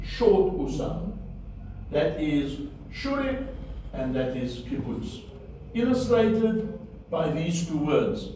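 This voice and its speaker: A man teaching a Hebrew class, patiently repeating vowel sounds slowly and checking that students follow. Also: fairly high pitch, warm tone. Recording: echoey room from far off, faint noise.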